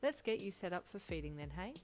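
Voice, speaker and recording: A woman reading the lines of a kind, gentle hospital nurse. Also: on the low side, very animated, fairly quick, slight background noise.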